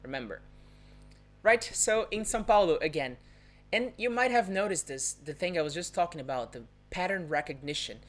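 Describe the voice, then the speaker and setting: A low-pitched woman teaches a live online language class. She talks quickly and explains patiently, breaking down how words sound. It is recorded on a phone or webcam mic. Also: expressive. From Rio de Janeiro, Brazil. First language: Portuguese. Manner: explains patiently, demonstrating pronunciation with examples; talks fast by her own account. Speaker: Portuguese teacher. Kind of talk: live-streamed language lesson. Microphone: phone or webcam for a social media live.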